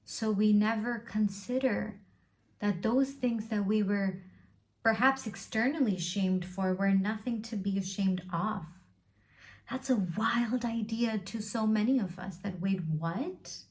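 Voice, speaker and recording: A woman's voice: mid-range voice, fairly even intonation, unhurried. Earnest woman giving a motivational talk. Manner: earnest, repetitive, emphatic lists. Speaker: self-help vlogger.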